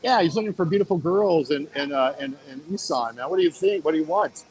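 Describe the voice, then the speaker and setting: A man's voice: fairly high pitch, expressive, quick pace, poor audio. A man live streaming from an outdoor city street, rambling and repeating himself, mocking and swearing as he talks.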